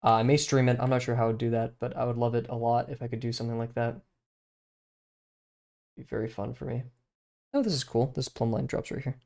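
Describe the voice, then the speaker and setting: A young man streams his drawing live, speaking briskly in a gravelly, darkish mid-range voice with a level tone and long pauses. His casual chat rambles, is full of fillers, and drifts into muttering as he sketches.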